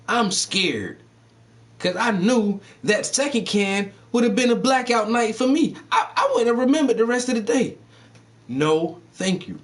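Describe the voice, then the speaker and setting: A man in casual chat, telling stories full of swearing. He jumps into loud, high-pitched outbursts and then drops back to a low, laid-back voice. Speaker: livestream host.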